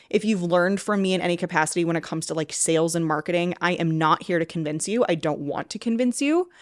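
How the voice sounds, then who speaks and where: Woman coach podcasting, lowish voice, dry close mic, laughy and a bit teary, curses when fired up. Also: no echo. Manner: emotional, animated, laughs often, swears when passionate. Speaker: podcast host and mindset coach. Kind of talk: casual solo podcast talk.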